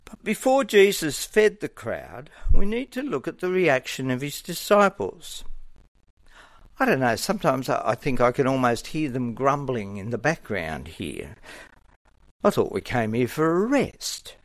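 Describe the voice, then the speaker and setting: A man preaches a sermon at an unhurried, deliberate pace. His delivery is earnest and measured, and he briefly acts out the voices of characters. The sound is close and dry, with no room echo. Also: mid-range voice, very animated.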